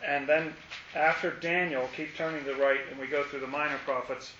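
A man's voice: on the high side, steady tone, a little fast, pushed and bright, echoey room, dull audio, a little hiss or hum. A man leading a casual Bible study, explaining passages with playful asides.

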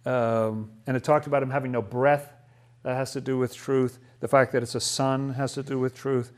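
A man's voice: medium pitch, flat delivery, moderate pace. A man leading a Bible study lesson. He talks thoughtfully, often restarts his sentences and asks rhetorical questions.

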